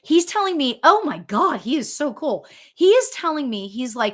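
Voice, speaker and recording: A woman working as a medium, giving a chatty, excitable spirit reading full of fillers and restarts. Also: sits high, moderate pace, few pauses. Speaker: psychic medium. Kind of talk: live spirit reading for viewers.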